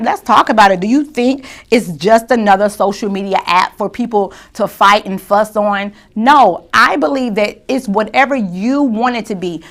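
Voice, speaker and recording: Chatty woman hosting a faith talk show. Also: a little high. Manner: lively and chatty, shifting to soft and quiet when grieving. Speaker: show host.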